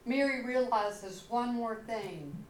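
A woman pastor preaching a sermon, telling the story slowly and dramatically. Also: a little high, echoey room, a little hiss or hum, rough recording. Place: church sanctuary.

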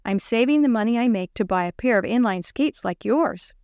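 An eager young schoolgirl from a children's storybook, voiced by a woman reader. She sounds bright and a little higher than the narration. The recording is close and dry. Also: expressive, a little fast, clear, resonant tone, dry recording.

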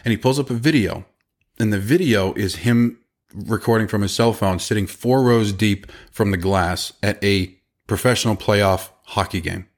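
A man with a somewhat low voice tells stories in a casual monologue. He is emphatic and animated, and his speech comes in rapid bursts. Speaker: podcast host and business owner.

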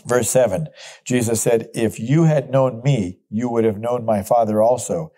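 A man's voice: mid-range voice, normal speed, mellow. A middle-aged man teaching from the Bible as a pastor, earnest and emphatic, reading verses aloud and explaining them.

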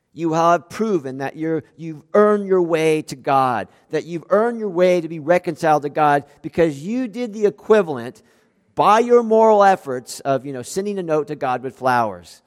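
Animated preaching man in a reverberant hall. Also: fairly high pitch, moderate pace. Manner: animated, with sudden loud emphatic outbursts and drops to quiet. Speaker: pastor. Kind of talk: sermon.

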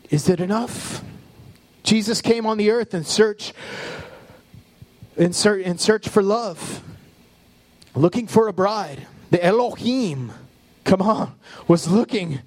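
A male pastor preaching a sermon with passion, building up and then dropping into soft, low asides. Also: takes it slowly, long pauses, no room sound. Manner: impassioned preaching with sudden soft, low drops.

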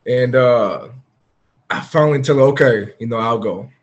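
A man speaking at an ordinary mid pitch, telling his own story as a podcast guest. His talk is earnest and open, loose and conversational, full of fillers. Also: normal speed, highs cut off. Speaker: podcast guest, former pro football player. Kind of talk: candid personal storytelling in a conversation.

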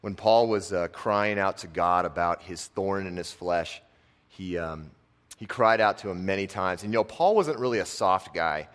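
A young man giving a casual, conversational sermon, dropping his voice soft on key lines. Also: low voice, moderate pace. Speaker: preacher and football coach.

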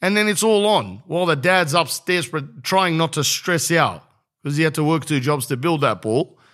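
A man's voice: a little high, animated, moderate pace, fairly bright tone. A young man with an Australian accent, hosting a podcast in a brash, rambling, jokey monologue that runs into an ad read. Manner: rambling, brash and jokey, says bro a lot. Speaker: podcast host.

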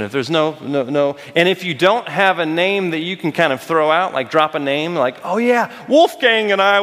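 A man preaching a sermon, telling a personal story with lively acted-out quotes. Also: on the high side, big-room sound. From United States. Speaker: pastor.

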